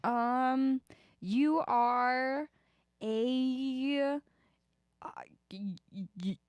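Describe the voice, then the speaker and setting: A woman co-hosting a casual livestream, playful and quick to laugh. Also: high voice, fairly even intonation, clean tone, dry recording, highs cut off. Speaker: streamer, co-host.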